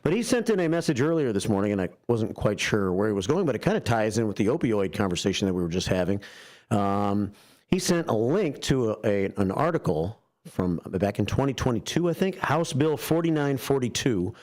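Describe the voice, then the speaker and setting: Joking radio host reading aloud. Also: male voice, on the low side, sing-song, a little fast, a little mellow. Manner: joking, reads aloud with stumbles. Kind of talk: radio talk show, reading a listener message. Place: radio studio.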